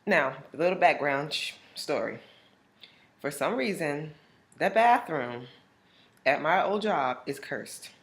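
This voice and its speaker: A woman's voice: slow, long pauses. A young woman vlogging, casually telling a personal story and acting out other people's lines with big jumps in her voice. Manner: animated, acts out friends' lines with big pitch jumps.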